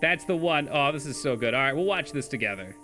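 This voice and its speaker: A man's voice: mid-range voice, animated, fast, sharp tone, faint music behind. A young man streaming a game live, chatting casually with his chat, swearing and laughing often.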